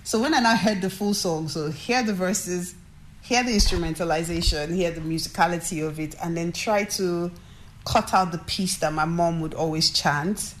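A woman from Nigeria, a record executive, telling a story in an interview in an animated, chatty way with many fillers and quoted asides. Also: fairly low pitch, normal speed.

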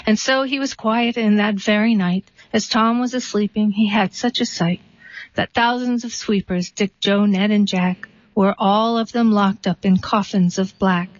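A woman reading a short story and a poem aloud in a calm, even storytelling manner. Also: mid-range voice, measured pace, dry recording. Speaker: reader. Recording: dull dry recording.

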